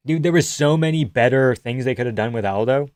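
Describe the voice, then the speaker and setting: A man's voice: mid-range voice, brisk, a little mellow, no room sound, studio quality. A man casually commenting live on a fight night, swearing and laughing a lot. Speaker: live streamer. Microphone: headphones on, close mic.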